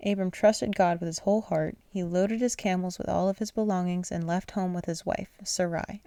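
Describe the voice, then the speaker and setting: A channel host reads a children's bedtime story aloud in a lowish, clear, resonant voice with fairly even intonation and a moderate pace, and no room sound is audible. She sounds sleepy and apologetic, gently stumbling over names and restarting lines in an unpolished reading.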